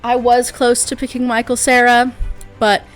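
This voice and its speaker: A woman hosting her own channel, chatting casually about films with frequent fillers and quick laughs. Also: a little high, completely flat delivery, faint music behind. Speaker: host, film reviewer. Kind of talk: casual commentary.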